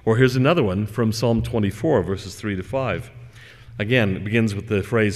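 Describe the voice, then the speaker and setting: Man, religious lecture, low voice, measured conversational delivery, long hall reverb. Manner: measured, conversational with fillers and asides. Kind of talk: religious lecture with scripture reading.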